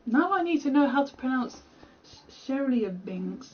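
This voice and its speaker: A woman's voice: sits high, quick pace, muffled recording. Chatty young British woman streamer. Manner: rambling, chatty, self-deprecating. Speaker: gaming streamer. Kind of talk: casual game commentary.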